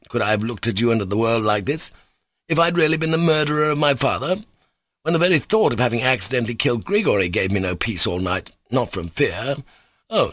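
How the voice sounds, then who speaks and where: A man's voice: medium pitch, fairly bright tone, dry recording. A man reading an angry, proud young man under questioning, with agitated, bitter outbursts, in a dry, close recording. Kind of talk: audiobook character reading.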